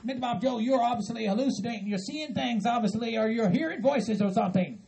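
A man voicing a level-headed hillbilly friend who pleads patiently and tries to calm everyone down. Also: extremely high pitch, fast, gravelly, slight background noise. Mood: pleading. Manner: patient, pleading, repeats "Mister Bob Joe". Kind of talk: hobby comedy skit acting.

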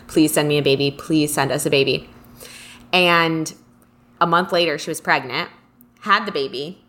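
Young woman, casual podcast co-host, chatty rambling storyteller, lowish bright voice. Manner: chatty storyteller, many likes and restarts. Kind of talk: casual chat.

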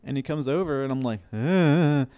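A man's voice: medium pitch, moderate pace, smooth. A young man co-hosting a podcast, telling a long, rambling, profane story and acting out the quotes. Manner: profane, rambling, animated anecdotes with acted-out quotes. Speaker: podcast co-host. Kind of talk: casual storytelling.

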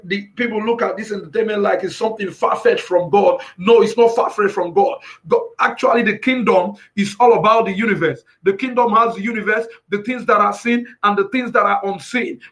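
Guy with a really high voice, emotional, close to tears, keeps asking you understand, shouts out praise. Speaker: music industry professional. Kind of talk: emotional personal testimony.

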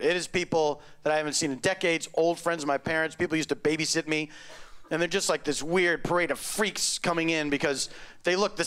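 A middle-aged man telling a stand-up story on stage, wry and deadpan with sudden loud outbursts. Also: on the high side. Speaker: stand-up comedian. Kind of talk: stand-up comedy set. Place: comedy club stage before a live audience.

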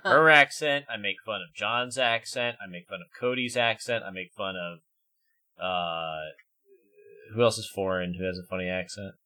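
A man's voice: on the low side, moderate pace, bright, forceful tone. A man co-hosting a podcast, talking in a brash joking way and swearing freely. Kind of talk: casual chat.

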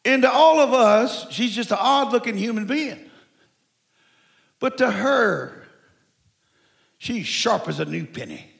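Man, 70s, from Mexico. Preacher giving a sermon. Raised, gravelly delivery with folksy stories and sudden shouting. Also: very high-pitched, slow pace, long pauses. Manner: folksy, animated storytelling with bursts of shouting.

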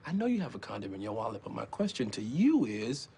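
A man's voice: medium pitch, sing-song, fast, mellow, slightly rough, full character voice. An actor playing a playful, scheming young man who teases in a sitcom. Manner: playful, teasing. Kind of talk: sitcom acting.

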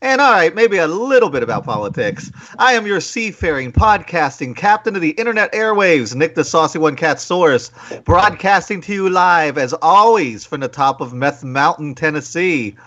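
Male podcast host, high voice and sharp tone, playful and profane banter. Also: lively intonation, moderate pace, dull audio. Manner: joking, profane, theatrical intros. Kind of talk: casual comedic podcast chat.

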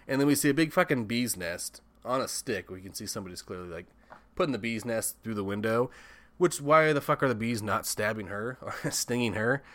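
A man's voice: on the low side, expressive, brisk, a bit bright, no echo. A man casually recapping a horror film, swearing often, chuckling and tossing in comic asides. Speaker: podcast host.

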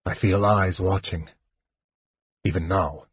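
A man's voice: deep voice, fairly even intonation, slow, breathy edge, no echo, full character voice. A man voicing a big, simple-hearted young male warrior who talks plainly. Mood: uneasy. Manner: plain, puzzled. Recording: dull dry recording.

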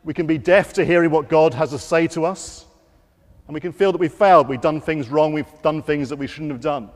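A man with a fairly high voice gives an all-age talk in a church, speaking through a microphone. He tells the story to children in a lively way and acts out the quotes. His voice rings out with a long echo off the hall. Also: a little fast. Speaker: preacher. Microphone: wearing a microphone.

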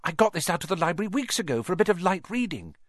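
A man voicing a bright, bossy schoolgirl witch who speaks urgently and insistently. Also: high voice, sing-song, very fast, no echo, studio quality, voice pushed up. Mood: eager. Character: bossy clever schoolgirl, eager and impatient.

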